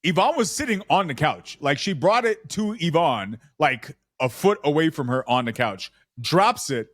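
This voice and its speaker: Man telling a story on a podcast, casual and slangy, bouncy pitch, dry mic. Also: sing-song, normal speed, no echo.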